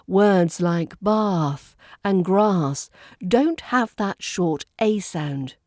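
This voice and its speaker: Crisp British woman teaching RP. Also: on the low side, extremely slow, darkish tone, no room sound, studio quality. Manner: crisp, demonstrative, playful emphasis. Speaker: accent coach. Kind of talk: podcast accent lesson.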